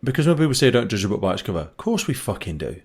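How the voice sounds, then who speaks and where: A man's voice: lowish voice, sing-song, rapid-fire, husky. A man hosting a podcast, chatting casually with blunt, self-mocking remarks and swearing. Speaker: podcast host. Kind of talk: casual chat.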